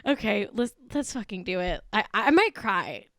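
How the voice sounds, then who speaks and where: Giggly and foul-mouthed, a slightly drunk podcast host trades gleefully catty celebrity gossip in a casual chat. Her medium-pitched voice swings widely in pitch, with a fairly bright tone and moderate pace. It's studio-quality audio without room sound.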